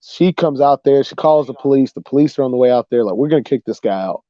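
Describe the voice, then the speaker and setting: A young man hosting a livestream, casually telling a funny story, animated and saying "bro" a lot. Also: mid-range voice, fast, dry recording, lo-fi sound. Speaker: livestream host.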